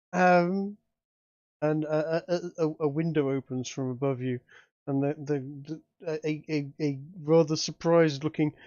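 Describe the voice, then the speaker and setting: A man narrating a tabletop game as game master, halting with many fillers. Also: on the high side, a little mellow, no room sound. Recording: dull lo-fi dry sound.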